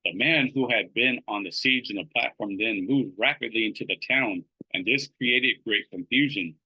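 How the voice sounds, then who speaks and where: A man's voice: lowish voice, moderate pace, breathy edge, muffled recording. Conversational man teaching scripture. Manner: conversational, many fillers and "right?" tag questions. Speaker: Bible study teacher. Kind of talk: informal scripture teaching with reading aloud.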